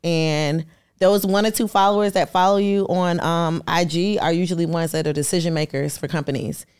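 A woman in her thirties, a podcast guest, telling her story in a lively, animated way and acting out the people in it. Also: fairly low pitch, moderate pace, clean tone. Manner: lively storyteller who acts out quoted voices. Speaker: podcast guest, artist and entrepreneur. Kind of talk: animated storytelling in casual conversation.

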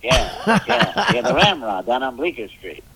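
A man doing a comic impression of a middle-aged male airline captain, who gives a halting announcement full of "uh"s and off-color asides. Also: medium pitch, very animated, creaky, bright, forceful tone, heavily acted, poor audio. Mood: crude.

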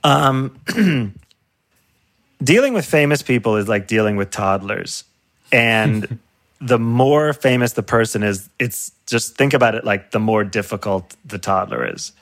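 A man appearing as a comedian guest in casual chat, animated, laughing often and breaking off his own sentences. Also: mid-range voice, a little slow, dry recording.

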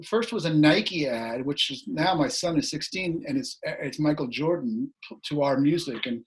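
A middle-aged man, a guest musician, telling anecdotes in a casual, animated way over a video call, his voice a little hoarse. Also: on the high side, normal speed. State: slightly hoarse. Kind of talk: casual storytelling.

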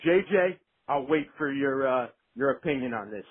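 A man's voice: mid-range voice, expressive, moderate pace, slightly rough. A man calling in to a sports radio show, blunt, profane and fired up, heard over a phone line. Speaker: caller.

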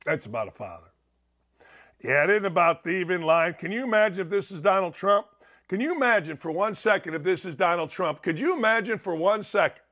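High-voiced man ranting sarcastically. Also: lively intonation, brisk, pushed and bright. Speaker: sports radio host. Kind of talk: opinionated talk-show monologue.

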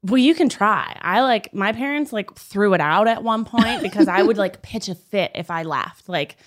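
A woman's voice: medium pitch, normal speed. A woman in her late twenties chatting casually, telling funny stories with laughing asides. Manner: animated storyteller, laughing asides. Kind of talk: casual chat.

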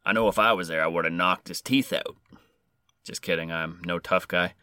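A man's voice: low voice, normal speed, sharp tone, clean tone, no room sound. A man hosting a podcast, reading a scripted story with crude, sarcastic jokes. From Canada. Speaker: podcast host.

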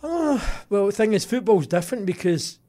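A Scottish man with a voice sitting a little high for a man, talking in an easy, anecdotal way on a podcast. He chats loosely with his co-host. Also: lively intonation, moderate pace, warm tone. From Scotland. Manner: chatty, anecdotal. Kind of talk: casual podcast chat.

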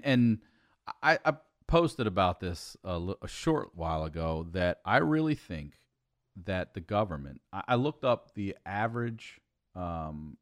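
A man's voice: sits low, fairly bright tone. A man and comedian chatting on a podcast, telling stories animatedly, swearing freely and acting out quotes. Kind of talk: casual podcast chat.

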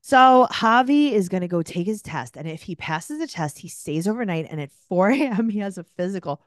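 A woman's voice: mid-range voice, brisk, no room sound, studio quality. A woman co-hosting a podcast, recapping a reality show in casual, emotional chat. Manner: emotional, animated storytelling. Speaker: podcast co-host.

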